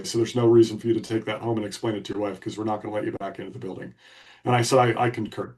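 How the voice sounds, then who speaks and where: A man's voice: mid-range voice, steady tone, quick pace, distant mic. A man co-hosting a podcast, telling a story in a blunt, emphatic way. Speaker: podcast co-host. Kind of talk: casual storytelling.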